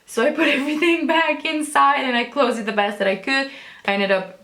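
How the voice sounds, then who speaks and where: Rambling through a storytime vlog, a young woman restarts her sentences and swears casually, speaking a little fast with fairly even intonation. Her voice is slightly high and fairly bright, set against a noticeably echoey room.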